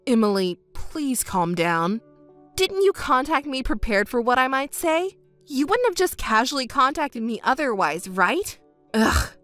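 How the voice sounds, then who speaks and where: A woman's voice: sits high, sing-song, measured pace, a bit bright, soft background music, full character voice. A woman voicing a sheepish, deceitful young male ex-boyfriend in a scripted text story. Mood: pleading. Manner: pleading, evasive.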